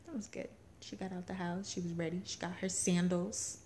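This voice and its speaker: A woman's voice: lowish voice, level tone, brisk, dark tone, slight background noise. A young woman co-hosting a casual chat show, telling family stories in a chatty way and laughing often. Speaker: podcast co-host.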